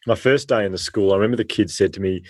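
An Australian man in his thirties, a guest telling stories in a casual interview, animated and acting out the voices he quotes. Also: fairly low pitch, rapid-fire, no room sound.

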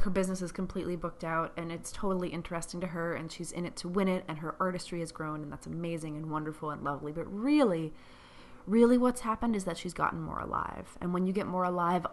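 A woman's voice: fairly low pitch, slight background noise. A woman business coach giving a blunt, profane motivational monologue, repeating her points for emphasis.

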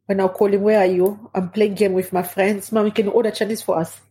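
Grieving middle-aged woman, halting speech. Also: medium pitch, little pitch movement, warm tone. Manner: halting, non-native grammar. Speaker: bereaved mother. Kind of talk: personal testimony.

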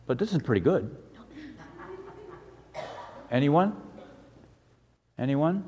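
A middle-aged man who is a pastor, leading a children's sermon and prayer in a gentle, conversational way. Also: a little high, very animated, takes it slowly, highs cut off, a little hiss or hum. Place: church sanctuary. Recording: long reverb of a church hall.

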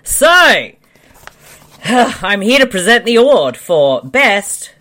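A woman's voice: medium pitch, very animated, takes it slowly, fairly bright tone. A woman co-hosting a casual podcast, presenting a mock award with wry, sarcastic asides and laughter. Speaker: podcast co-host.

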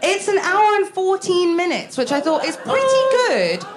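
A woman's voice: very high voice, big pitch swings, normal speed. A woman co-hosting a live podcast, joking and self-mocking as she playfully presents facts. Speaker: podcast co-host. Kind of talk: casual live podcast chat. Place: live event in a shop.

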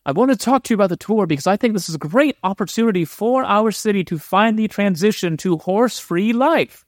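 A man's voice: high-pitched, expressive, fairly quick, no room sound, clean studio sound, voice pushed up. A man voicing a nervous, stammering male inventor character in a tabletop game. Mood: earnest.

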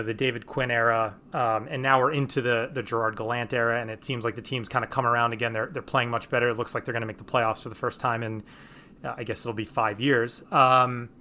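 A man's voice: medium pitch, sharp tone. A man hosting a casual podcast, talking in a rambling way with many restarts and fillers. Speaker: podcast host.

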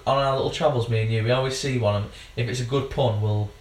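A man's voice: mid-range voice, fairly even intonation, fast, reverberant, recorded from a distance. A man bantering as a podcast co-host, teasing his friend. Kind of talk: casual banter.

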